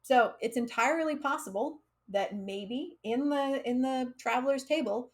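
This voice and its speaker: A woman's voice: high-pitched, normal speed. An American woman teaching coding on a live stream, chatty and laughing often, with frequent fillers. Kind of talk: casual live coding lesson.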